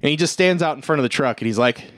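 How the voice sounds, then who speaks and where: A man's voice: a little high, racing, no echo. A man co-hosting a casual podcast, retelling a film scene with lots of swearing and acted-out lines. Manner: animated, profane retelling with acted-out quotes. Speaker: podcast co-host. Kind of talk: casual chat.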